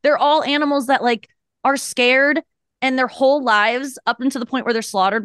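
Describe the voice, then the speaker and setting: A woman's voice: on the high side, fast, a bit bright, clean tone, no echo, clean studio sound. A woman in her thirties, a comedian guest on a podcast, talking in a candid, rambling and self-mocking way. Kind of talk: casual podcast chat.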